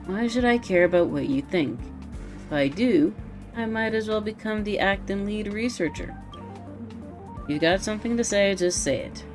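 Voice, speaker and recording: A curt, prickly young researcher, read aloud by a woman at a middling pitch. She snaps and deflects, with faint music behind her. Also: lively intonation, moderate pace, close to an everyday voice. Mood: defiant. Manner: curt and defensive.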